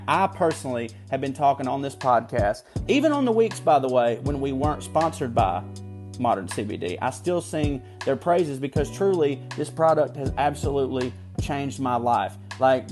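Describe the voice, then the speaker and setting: A man co-hosting a comedy podcast, reading a sponsor ad in a loose, joking way and swooping his voice up high for emphasis. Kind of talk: casual ad read.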